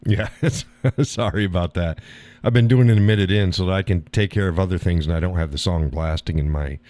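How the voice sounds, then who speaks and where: An American man hosting a live stream, chatting casually and reading viewer comments, relaxed and rambling with frequent laughs, a little tired. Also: low voice, fairly quick, no room sound. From United States.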